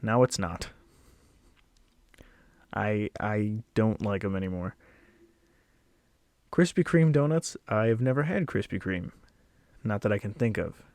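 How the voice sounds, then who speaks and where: A man's voice: on the low side, slow pace, pauses often, darkish tone, no echo. A young man chatting casually as he ranks snacks, a little out of breath, rambling with small laughs. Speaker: video creator ranking snacks. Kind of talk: casual tier-list commentary. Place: at home, sitting.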